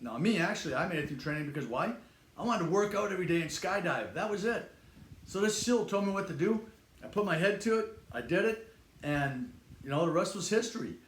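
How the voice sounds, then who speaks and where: A man's voice: high voice, lively intonation, a little fast. An older man hosting his fitness channel, talking casually and bluntly to the camera, acting out the voices of people he quotes. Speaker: fitness channel host, retired instructor. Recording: echoey room with faint noise.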